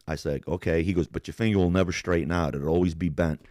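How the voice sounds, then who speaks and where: Low-voiced man telling a rambling story. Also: steady tone, fast talker, a little mellow, no room sound, studio quality. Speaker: podcast co-host. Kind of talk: casual live-stream chat.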